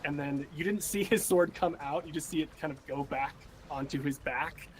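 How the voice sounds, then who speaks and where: Tabletop player, male, higher-pitched, halting but animated descriptions. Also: slight background noise. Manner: animated, hesitant, many fillers and restarts. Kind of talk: tabletop game play, casual chat.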